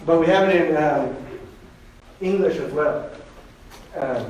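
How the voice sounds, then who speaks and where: A man in a classroom leads students through sounds, informal and joking. His voice sits a little high and comes from a distance. The room echoes heavily and there is a steady noise underneath. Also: slow pace. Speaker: language teacher. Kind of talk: classroom teaching.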